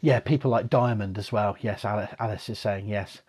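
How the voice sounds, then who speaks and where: A man's voice: on the low side, a little fast, hardly any pauses, a little mellow, slightly rough. A middle-aged man, an archaeologist, hosting a casual live Q&A, rambling and swearing with lots of asides. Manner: rambling, sweary, chatty, many asides and "you know"s. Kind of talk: casual live-stream Q&A chat.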